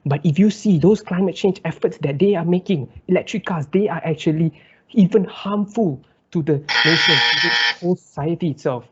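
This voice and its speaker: A man's voice: on the high side, expressive, moderate pace, slight background noise. A young man from Malaysia, giving a rhetorical, impassioned competitive debate speech. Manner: impassioned, rhetorical, builds in lists and repetition. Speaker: student debater. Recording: dull lo-fi dry recording.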